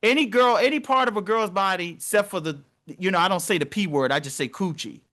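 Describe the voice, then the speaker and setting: A young man co-hosts a podcast in loose, animated conversation, acting out the people he quotes. His voice sits high and rings bright. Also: fairly quick. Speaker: podcast co-host. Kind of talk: casual conversation.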